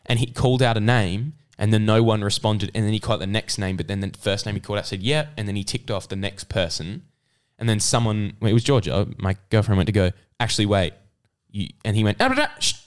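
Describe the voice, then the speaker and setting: Teen male co-host, quick low voice, excitable storyteller; podcast chat. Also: smooth. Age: teens. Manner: animated storytelling, mimics others with sudden high-pitched outbursts. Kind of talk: casual chat.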